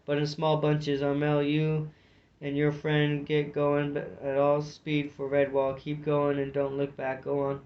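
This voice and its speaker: A man's voice: on the high side, monotone, unhurried, natural voice. Rakkety Tam, a man voicing a terse squirrel warrior. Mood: urgent. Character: tough male squirrel warrior, steady leader. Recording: dull lo-fi recording.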